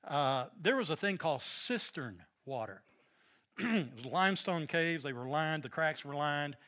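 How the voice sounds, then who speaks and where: A man's voice: a little high, expressive, a little slow, sharp tone. A middle-aged man with a Southern American accent, teaching a Bible study lesson in an earnest, emphatic way and often repeating words.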